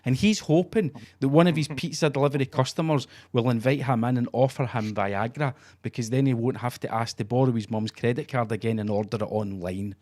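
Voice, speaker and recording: A man's voice: mid-range voice, steady tone, brisk, hardly any pauses, darkish tone. A Scottish man in his forties, co-hosting a podcast in sweary, mocking casual chat. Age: 40s. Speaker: podcast co-host.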